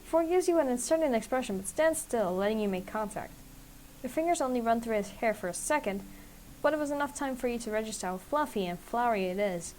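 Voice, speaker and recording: Woman streamer, casual narration, dating game, slightly high voice. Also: animated, fast talker, a little mellow, a little hiss or hum. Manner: casual, chatty narration with laughs and asides. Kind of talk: reading a dating game aloud.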